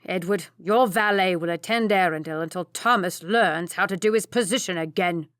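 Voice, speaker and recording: A woman's voice: on the low side, moderate pace, fairly bright tone, no room sound, clean studio sound, lightly acted. A woman voicing a stern, domineering older duke who gives curt commands.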